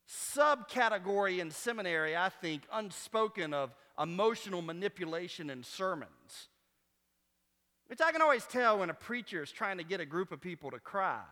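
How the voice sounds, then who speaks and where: Male pastor preaching, bright high voice, swings from quiet teaching to loud appeals, church sanctuary. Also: lively intonation, moderate pace, in a large hall. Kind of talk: sermon.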